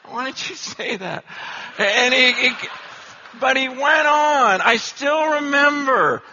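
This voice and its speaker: Man, conference speaker, storytelling sermon, very bright voice, dull lo-fi sound. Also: very high-pitched, slow pace, in a large hall, slight background noise. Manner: animated, acts out quoted voices.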